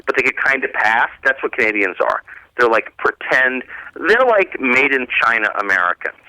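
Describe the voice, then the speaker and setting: Animated man on a radio call-in. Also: moderate pace, clean tone, no room sound. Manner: animated, voice jumps high when mocking. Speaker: radio show guest. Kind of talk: casual phone-in radio banter. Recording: call-in phone line.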